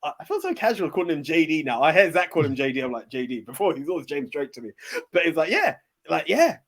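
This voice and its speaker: A man's voice: a little high, big pitch swings, fast talker, a bit bright. A man, hosting a podcast in casual, enthusiastic chat with many fillers and restarts. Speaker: podcast host.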